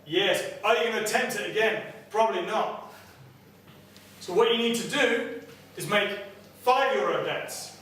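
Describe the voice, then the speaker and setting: Energetic trainer in an echoey room. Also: male voice, sits high, unhurried, long pauses. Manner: energetic, keeps checking in with the audience. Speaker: personal trainer giving a seminar. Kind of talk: motivational seminar talk. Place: seminar room with clients. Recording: very echoey room, distant mic, faint noise.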